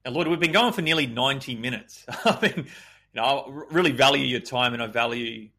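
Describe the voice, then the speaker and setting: A man hosts a podcast with a bright, forward voice of middling pitch. He listens attentively and encourages his guest. His questions come across as warm and supportive. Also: brisk, creaky. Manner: attentive, encouraging, fills in with murmurs. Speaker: podcast host. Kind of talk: podcast interview.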